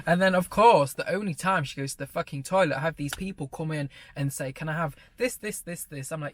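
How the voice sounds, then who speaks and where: A man's voice: a little high, brisk. A young man vlogging, telling a gossipy story in a sweary, sarcastic way and laughing often, filmed on a phone camera. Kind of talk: casual storytelling mukbang.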